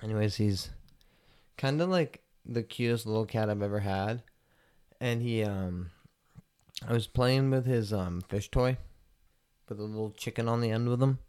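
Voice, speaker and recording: A young man hosting a casual podcast, rambling and swearing a lot, stoned and relaxed, with lots of filler words. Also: fairly low pitch, normal speed, long pauses, clean tone. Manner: rambling, profane, laid-back, lots of "like" fillers. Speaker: podcast host. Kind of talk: casual solo podcast chat.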